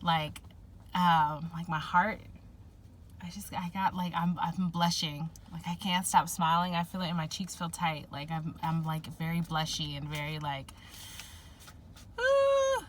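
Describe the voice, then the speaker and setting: A woman's voice: fairly low pitch, expressive, unhurried, slight background noise. A woman giving a casual spoken tarot reading, rambling and giggly, full of fillers. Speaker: tarot reader.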